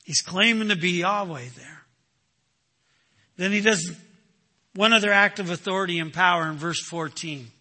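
A man's voice: sits high, normal speed, long pauses, bright, forceful tone, in a large hall. A man preaching a sermon, emphatic, asking rhetorical questions and answering them himself. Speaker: pastor.

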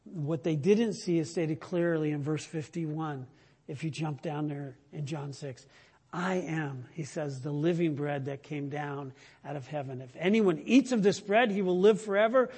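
A man preaching a sermon, slow and emphatic, rising to loud declarations and sinking to near-whispers. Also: on the high side, slightly rough. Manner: slow, emphatic preaching that swells loud then drops to a hush. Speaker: pastor. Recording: long hall reverb.

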